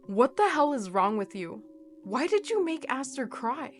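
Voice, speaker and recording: A commanding young leader of a friend group, firm and scolding, as a woman narrator speaks for the role. Slightly higher and louder than the narration. Quiet music sits beneath. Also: measured pace.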